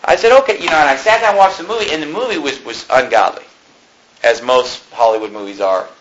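A man preaching a sermon as pastor, emphatic and fervent, rising to shouts at points. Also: medium pitch, quick pace, highs cut off.

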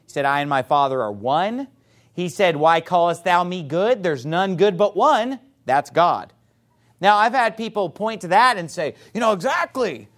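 A man preaching a sermon, reading scripture emphatically and playfully mimicking his opponents in excited voices. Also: high-pitched, moderate pace. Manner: reads scripture aloud in a rising, emphatic voice.

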